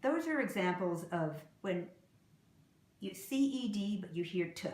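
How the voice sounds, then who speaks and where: A woman teaching English pronunciation, saying example words slowly and clearly and repeating them. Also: medium pitch, animated, a little mellow, echoey room. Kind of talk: slow, deliberate pronunciation lesson.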